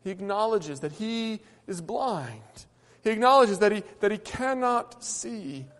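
A man with a high voice preaches a sermon in an earnest way, often stumbling and repeating words as he builds his points. His voice rings out with a long reverb through a church sanctuary. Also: expressive, measured pace, a bit bright.

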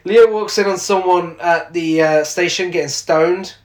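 Co-host, man, slightly high voice, laughs through plot recaps, echoey room. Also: fairly even intonation, measured pace. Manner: laughs often while retelling plot. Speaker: podcast co-host. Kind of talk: casual film recap chat.

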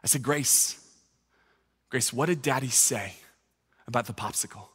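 A man's voice: mid-range voice, a little slow, a bit bright, slightly rough. A male pastor in his thirties preaching a sermon, moving from a family story to fervent, repeated calls to his church. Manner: storytelling, then rising to fervent exhortation. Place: church sanctuary. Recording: long hall reverb.

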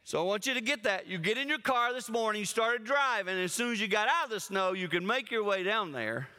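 Animated preacher in a reverberant hall. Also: male voice, high-pitched, brisk, clean tone. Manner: animated storytelling, addresses the congregation directly. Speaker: guest speaker. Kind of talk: sermon. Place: church auditorium with an audience. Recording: long reverb of a large hall.

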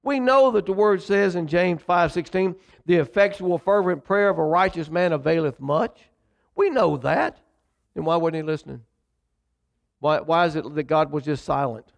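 Gravelly preacher man. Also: fairly high pitch, normal speed. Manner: preaching with dramatic voiced quotes and asides. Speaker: pastor. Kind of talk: sermon.

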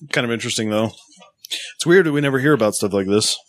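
A man's voice: medium pitch, a little fast. A man co-hosting a casual podcast, laid-back and blunt. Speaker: podcast co-host. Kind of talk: casual chat.

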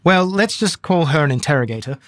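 A man's voice: fairly high pitch, expressive, brisk, lightly acted. A man voicing a stern, stone-faced male spymaster who speaks in a clipped, formal way.

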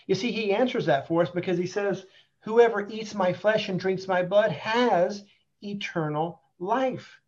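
A man's voice: sits high, darkish tone. A man explaining his faith and conversion in conversation, earnest and emphatic, stretching out key phrases. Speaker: guest, Catholic convert. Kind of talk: conversational religious testimony and explanation. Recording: dull lo-fi sound.

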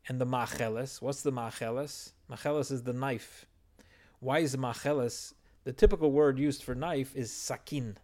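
A man's voice: medium pitch, fairly even intonation, normal speed, darkish tone. A man teaching a verse-by-verse Torah text study, explaining and translating Hebrew phrases as he goes.

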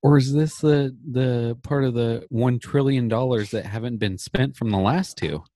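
A man co-hosting a podcast in casual chat, rambling with halting restarts. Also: mid-range voice, warm tone, no echo, studio quality. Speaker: podcast co-host.

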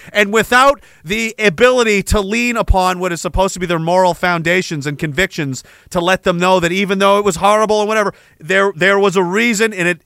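A man's voice: high-pitched, creaky, pushed and bright, clear, resonant tone, no room sound, clean studio sound. A man hosting a podcast, delivering an angry, sarcastic, profane monologue. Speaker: podcast host. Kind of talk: ranting monologue.

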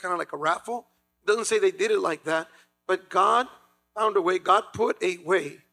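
A man's voice: high-pitched, gravelly, pushed and bright. A man preaching a sermon in a dramatic way, acting out the voices of biblical figures. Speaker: pastor.

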